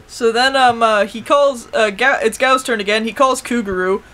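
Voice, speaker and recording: A woman with a somewhat high voice talks through an episode in a loose, rambling way. She fills gaps with "uh" and "so then" as she goes. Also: moderate pace, a bit bright. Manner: rambling recap, many fillers, mimics characters with laughs. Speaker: co-host reviewing an anime episode. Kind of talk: casual recap chat.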